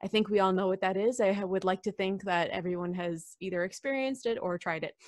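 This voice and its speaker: A young woman, a wrestling interview guest, telling a lively personal story over a video call with laughs and voiced quotes. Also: medium pitch, fairly quick. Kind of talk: casual storytelling.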